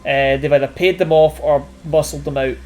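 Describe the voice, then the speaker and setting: A man narrating as game master of a tabletop role-playing game, talking in a relaxed, rambling way with lots of fillers. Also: on the high side, normal speed. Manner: laid-back, rambling, with many fillers and laughs.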